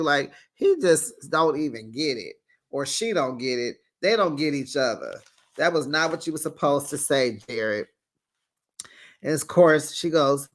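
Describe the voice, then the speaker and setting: A man hosting a casual TV recap, animated and laughing often as he acts out what people said. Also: on the high side, measured pace. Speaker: TV recap host.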